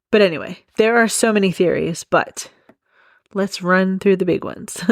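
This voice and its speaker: Young woman host chatting true crime, lowish voice, giggles a lot, dry close sound. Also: no echo. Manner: rambling, giggly, goes off on tangents. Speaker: podcast host. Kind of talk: casual true crime chat.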